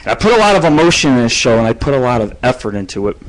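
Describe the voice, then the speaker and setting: A man's voice: mid-range voice, very animated, rapid-fire, low-quality recording. A middle-aged man hosting his own radio show solo from home, rambling through profane stories. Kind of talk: solo live radio monologue. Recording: faint background noise.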